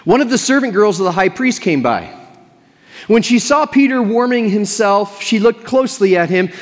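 A man's voice: high voice, long reverb tail. A male pastor preaching a sermon, reading scripture aloud and then reflecting on it in a conversational way.

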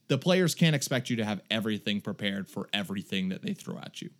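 A man co-hosting a tabletop gaming podcast in casual chat, talkative and quick to laugh at himself. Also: fairly low pitch, expressive. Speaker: podcast co-host.

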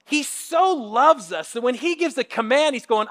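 High-voiced animated male preacher. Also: moderate pace, gravelly, hardly any pauses, in a large hall. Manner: animated, repeats words while building to a point, acts out quoted voices. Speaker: pastor. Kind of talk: sermon. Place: church sanctuary.

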